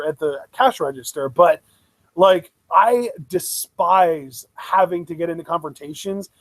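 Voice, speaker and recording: A man's voice: high voice, dry recording, rough recording. A young man co-hosting a casual Q&A, telling a long rambling story full of "like" and restarts. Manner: rambling, peppered with "like". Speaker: co-host.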